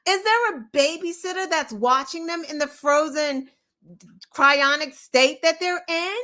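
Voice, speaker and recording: A woman's voice: very high voice, unhurried, bright, forceful tone. A woman hosting a show, giving opinionated political commentary in an impassioned, profane way, firing off rhetorical questions. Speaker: show host.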